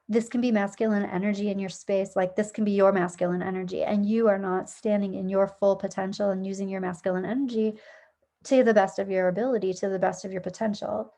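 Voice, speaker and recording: Mellow-voiced woman giving a tarot reading. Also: mid-range voice. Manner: chatty, thinking aloud with fillers and self-corrections. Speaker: tarot reader. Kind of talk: casual spoken tarot reading. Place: at home with a dog nearby.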